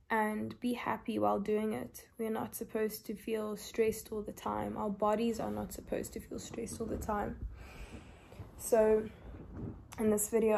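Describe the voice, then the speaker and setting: A young woman from South Africa talks slowly from her bed in a confessional vlog, tired and emotional. Her voice is mellow and gravelly with a flat, even pitch. She sounds soft-spoken and open. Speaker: vlogger. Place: lying in bed.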